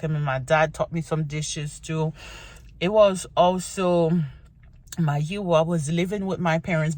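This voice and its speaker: A young Haitian woman with a Haitian accent introduces herself on a casual get-to-know-me vlog, her low, slightly mellow voice recorded with no room sound. She's chatty and encouraging, often restarting sentences and saying "you know".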